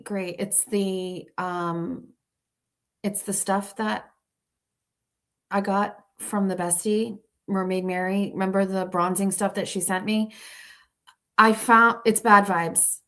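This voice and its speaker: A woman's voice: mid-range voice, fairly even intonation, slow, pauses often, sharp tone. Irritated woman ranting on a livestream. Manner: irritated, profane, talks straight to viewers. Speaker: livestream show host. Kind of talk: casual livestream rant. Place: at home. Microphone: laptop mic.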